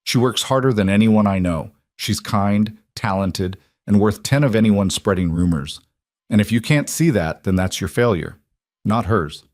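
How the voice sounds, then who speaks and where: Firm, protective rancher for a western audiobook, hard and clipped, low and quiet; male narrator. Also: normal speed, no room sound, studio quality, natural voice.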